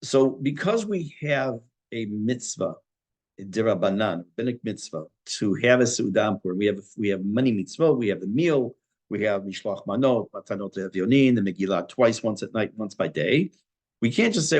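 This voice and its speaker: A middle-aged man, a rabbi giving a Torah class, talking thoughtfully many pauses and restarts. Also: lowish voice, animated, a little mellow.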